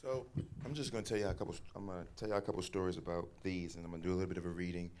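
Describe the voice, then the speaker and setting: A man talks fast and loose as he tells stories to a crowd. He is casual and animated, slipping into quoted voices as he goes. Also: deep voice, slight background noise. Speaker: guest author speaker. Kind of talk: storytelling talk on stage.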